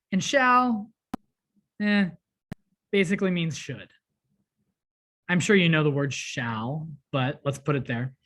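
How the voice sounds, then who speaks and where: Teacher talking through a poem for a recorded class, lots of um and right?, mid pitch. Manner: explains step by step, with fillers and checks like "right?". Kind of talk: recorded online class lesson. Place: home or classroom at a desk, working on a tablet.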